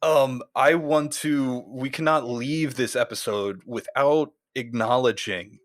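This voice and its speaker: A man hosting a podcast, talking in animated casual chat, laughing often and swearing casually. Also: medium pitch, slow, no room sound, studio quality. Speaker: podcast host.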